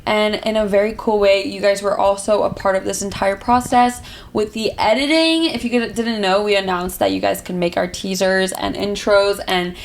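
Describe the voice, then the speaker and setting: A woman's voice: medium pitch, steady tone, normal speed, creaky. A twenty-one-year-old woman co-hosting a podcast, upbeat and teasing in slangy casual chat. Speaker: podcast co-host, middle sister. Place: podcast studio.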